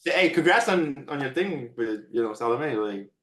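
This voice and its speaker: A man's voice: mid-range voice, expressive, moderate pace, a bit bright. A man in casual chat, easygoing and agreeable, giving upbeat life advice. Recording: echoey room sound.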